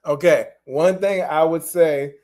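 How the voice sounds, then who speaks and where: A man with a voice pitched a little above the usual, coaching interpreters during a live-stream lesson. He explains patiently and encouragingly, and he circles back to repeat his main points. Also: takes it slowly, a little mellow.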